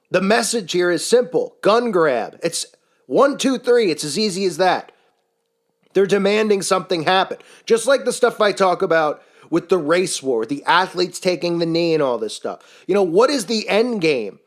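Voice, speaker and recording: A man delivering a scornful, sarcastic commentary rant, full of rhetorical questions. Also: high voice. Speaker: commentary channel host. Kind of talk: ranting monologue commentary.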